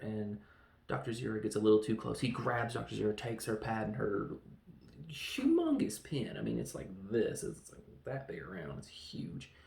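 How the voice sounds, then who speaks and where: A man hosting a casual film review, excitable and rambling, acting out scenes in quick voices. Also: on the low side, vocal fry, echoey room. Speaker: podcast host reviewing a film.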